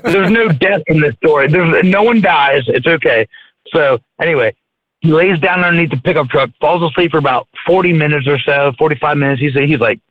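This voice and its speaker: A man's voice: a little high, a little fast, no echo. A man from Maryland telling a story in casual chat, rambling and profane, with lots of fillers and restarts. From Maryland, USA. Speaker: podcast co-host. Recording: tinny phone-like, dry sound.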